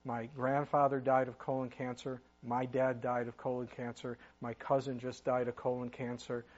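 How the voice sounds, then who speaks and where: A man's voice: mid-range voice, little pitch movement, normal speed, a little mellow, muffled recording. A middle-aged man preaching a sermon in a conversational way, with asides and sudden emphatic rises. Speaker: pastor.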